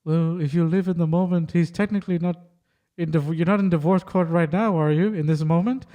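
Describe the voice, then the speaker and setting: A man voicing a calm, hunched male spiritual guru who repeats himself soothingly. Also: a little high, lightly acted. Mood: serene. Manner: slow, soothing, repetitive.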